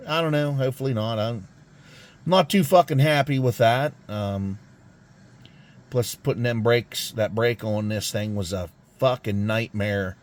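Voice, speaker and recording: A man's voice: mid-range voice, a little slow. A man ranting casually and angrily to camera in a garage, swearing constantly and grumbling about a failed car repair. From United States. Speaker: garage vlogger. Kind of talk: casual profane rant to camera. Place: home garage.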